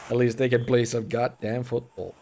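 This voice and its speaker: A man's voice: mid-range voice, steady tone, moderate pace, creaky, a little mellow, a little hiss or hum. A young Finnish man with a Finnish accent, a native Finnish speaker, giving casual, mumbly commentary while streaming a game. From Finland. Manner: mumbling, words run together.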